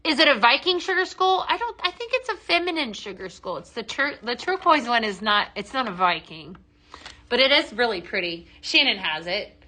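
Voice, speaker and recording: A woman's voice: a little high, expressive, normal speed, bright, forceful tone. A woman hosting a live shopping show, gushing over products with many ums and reading out viewer comments. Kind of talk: live product demo chat.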